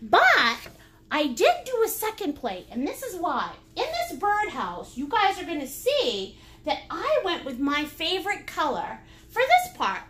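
A woman's voice: very high voice, unhurried. A woman hosting a live painting class, joking around playfully and greeting viewers by name. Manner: animated, breaks into laughs and silly sounds. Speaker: painting instructor and livestream host. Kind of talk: lively livestream painting class.

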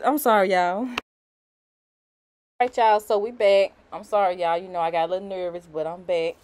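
A young woman talks over a wig install tutorial in a casual, off-the-cuff voiceover. Her speech is loose and slangy, packed with fillers, and she keeps slipping into giggles and nervous apologies. Her pitch sits right at an ordinary middle level. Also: fairly even intonation, a little fast, pauses often, darkish tone, slight background noise. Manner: slangy and chatty, with frequent "you know" and "y'all". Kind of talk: casual, unscripted voiceover narration.

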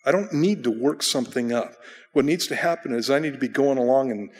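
A man of middling pitch teaches in a church, chatty and self-deprecating, with frequent restarts. His voice rings out in a long hall reverb. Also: fairly quick, darkish tone. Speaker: pastor. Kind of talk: conversational Bible study teaching. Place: church sanctuary.

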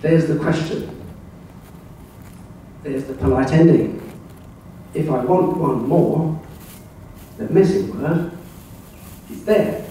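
An older man from England gives a club talk with slides and tells wry little anecdotes. His voice is mellow and a touch higher than most men's. It comes from far off in a very echoey room with faint hiss. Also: slow pace, pauses often. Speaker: club speaker. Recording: very echoey room, voice heard from afar.

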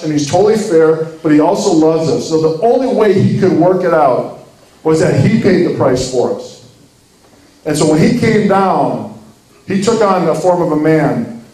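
Man, 50s, from Minnesota, sermon-style talk, earnest storytelling, fairly high pitch, roomy echo. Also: a little mellow. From Minnesota, USA. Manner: earnest storytelling with acted quotes. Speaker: ministry speaker.

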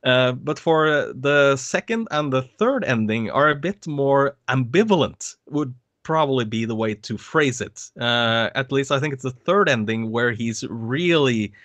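A man's voice: medium pitch, animated, a little slow, few pauses, fairly bright tone, dry recording. A man being interviewed about his voice acting work, talking casually with many hesitant fillers and frequent laughs. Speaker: voice actor guest.

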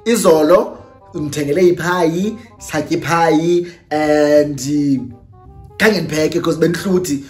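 A young adult YouTuber with a South African accent, telling a story in a lively storytime vlog and switching between English and Xhosa. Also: medium pitch, a little slow. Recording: roomy echo with faint music.

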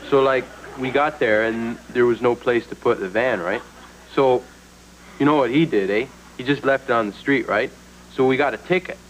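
A goofy Canadian host, played by a man, with a broad Canadian accent. He rambles through his stories, packing them with "like", "right" and "eh", and giggles along. His voice sits at a plain middle pitch, with a hiss under the broadcast. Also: normal speed, natural voice, poor audio. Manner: giggly, rambling, filler-heavy. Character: goofy Canadian man hosting a beer talk show.

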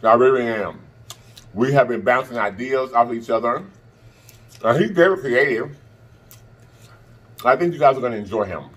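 A man's voice: medium pitch, animated, normal speed, pauses often, fairly bright tone, highs cut off. A man vlogger talking casually to camera, chatty and repeating himself for emphasis. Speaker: mukbang vlogger.

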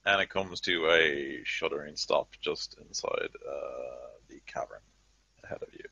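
Deep-voiced guy running a tabletop game, lots of "like" and "uh", muffled audio. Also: creaky, pushed and bright, no echo. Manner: loose, filler-heavy narration. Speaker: game master.

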